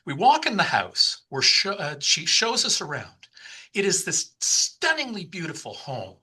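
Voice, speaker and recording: A man's voice: high-pitched, wildly swooping pitch, a little slow, bright, forceful tone, husky. A man in his sixties, a podcast guest telling a long personal story, often repeating words and restarting his sentences. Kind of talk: storytelling in conversation.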